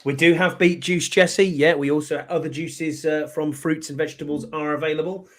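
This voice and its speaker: Wry English man, slightly higher voice. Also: steady tone, moderate pace, fairly bright tone. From England. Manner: dry, wry humor. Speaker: podcast co-host. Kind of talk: casual chat.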